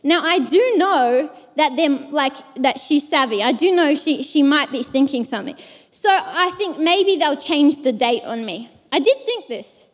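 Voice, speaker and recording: A woman preacher giving a sermon, telling a personal story in an animated way and acting out the people in it. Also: high-pitched, unhurried, long reverb tail. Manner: animated, acts out the people in her stories.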